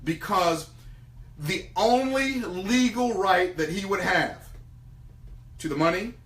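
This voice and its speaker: A man preaching a sermon, retelling scripture in lively everyday speech. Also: high voice, slow pace, roomy sound, far from the mic. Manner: animated, retells scripture in casual everyday talk. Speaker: preacher teaching on business and faith.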